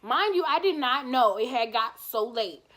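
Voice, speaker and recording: Speaking a little high and at a moderate pace, a woman vlogger tells a personal story in a casual, animated way. She acts out the dialogue and swears freely.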